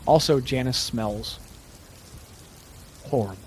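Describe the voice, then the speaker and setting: A man narrating as game master of a tabletop role-playing game, talking loosely with restarts and pauses. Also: medium pitch, slight background noise. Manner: loose, halting, with frequent restarts.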